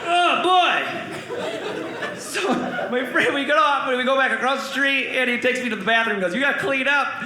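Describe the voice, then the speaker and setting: A young man telling a stand-up story on a comedy club stage, animated and acting out voices and sound effects. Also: very high-pitched, moderate pace, crowd noise. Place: comedy club stage before a live audience. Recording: roomy club with loud audience laughter.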